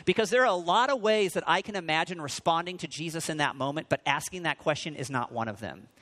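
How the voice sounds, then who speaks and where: A man preaching a sermon, moving between quiet reflection and loud, acted-out quotes. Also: fast. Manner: dramatic swings in pitch and volume, acting out quotes. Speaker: pastor.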